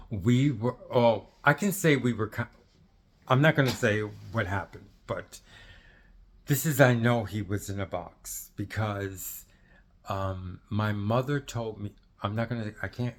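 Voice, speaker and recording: A man's voice: fairly low pitch, slight background noise. A middle-aged man telling a rambling personal story in a confiding way, sometimes dropping to a near whisper. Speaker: ex-Jehovah's Witness telling his story.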